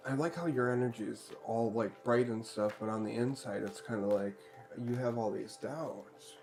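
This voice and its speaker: A man's voice: medium pitch, moderate pace, vocal fry, darkish tone, faint music behind. A man giving a live-streamed tarot reading in a chatty, joking way, relaying what the spirits tell him. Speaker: tarot card reader.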